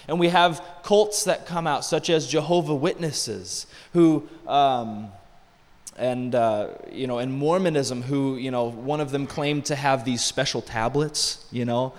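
A man's voice: mid-range voice, unhurried. Man preaching in a reverberant church. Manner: conversational preaching with asides and rhetorical questions. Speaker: pastor. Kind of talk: sermon. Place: church sanctuary. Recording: long hall reverb.

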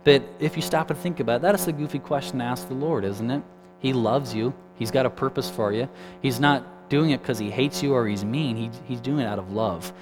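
A man delivers a sermon in a relaxed, conversational way, talking at an ordinary middle pitch. He keeps turning to his listeners with questions and slips in frequent asides. Music plays clearly behind his voice the whole time. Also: brisk, rough recording. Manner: casual, many asides, asks the listeners questions. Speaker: preacher.

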